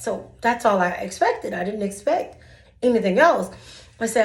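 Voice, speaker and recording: A woman's voice: a little high, animated, moderate pace. A woman vlogger telling a personal story in a casual, dramatic way, acting out both sides of a conversation. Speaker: vlogger giving dating advice.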